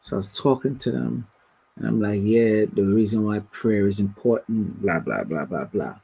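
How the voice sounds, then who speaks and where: A man's voice: mid-range voice, gravelly, warm tone, breathy edge, low-quality recording. A man hosting a casual spiritual livestream, telling stories and reading viewer comments aloud. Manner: slow, storytelling, reads out viewer comments. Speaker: livestream host answering viewer questions.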